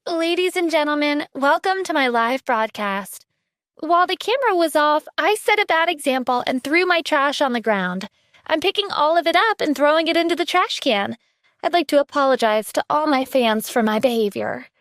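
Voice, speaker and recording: A woman's voice: sits high, animated, normal speed, a bit bright, no room sound, studio quality, voice pushed up. A woman voicing a haughty celebrity diva. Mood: forced. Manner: haughty, scornful. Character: arrogant spoiled celebrity influencer woman. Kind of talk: audiobook character voice.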